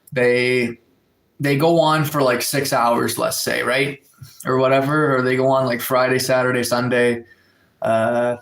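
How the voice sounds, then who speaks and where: A man's voice: medium pitch, fairly bright tone, echoey room. A man chatting casually on a livestream from home, rambling with lots of fillers and reading viewer comments aloud. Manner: rambling, filler-heavy storytelling, reads chat aloud. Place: indoors at home, in a room with a window. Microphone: phone.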